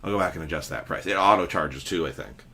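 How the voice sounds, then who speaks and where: Deep-voiced joking card-break host. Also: male voice, fast talker, background noise. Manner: joking, teasing, chatty. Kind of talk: casual livestream banter.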